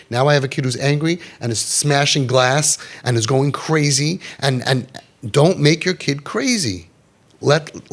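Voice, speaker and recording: A man speaking to an audience about parenting, talking emphatically, repeating phrases, dropping low for stress and mixing in Yiddish and Hebrew words. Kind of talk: impassioned talk to an audience.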